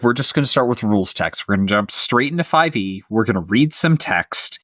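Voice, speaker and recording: A man's voice: medium pitch, lively intonation, a little fast, a bit bright, no room sound, studio quality. A man hosting a tabletop gaming podcast, explaining rules in an easygoing casual chat. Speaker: podcast host.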